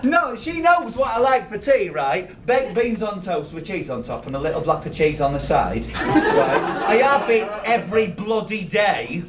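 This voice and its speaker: A man in his thirties playing a nerdy, petulant male sci-fi fan with a Yorkshire accent, shouting and stammering his way through live character stand-up. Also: sing-song, measured pace, few pauses, recorded from a distance. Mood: ranting. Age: 30s. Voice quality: high, shouty, stammering and indignant. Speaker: comedy character performer. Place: small theatre stage with a live audience. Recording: roomy live venue from afar, audience.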